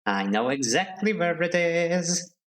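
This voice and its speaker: A man's voice: fairly high pitch, big pitch swings, measured pace, a bit bright. A man streaming a video game live, chatting casually and answering his viewers as he plays. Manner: chatty, thinks aloud, answers chat.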